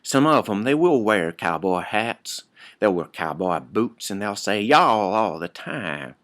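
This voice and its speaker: A man doing a folksy Texan with a slow drawl and stretched vowels. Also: fairly low pitch, big pitch swings, fairly bright tone.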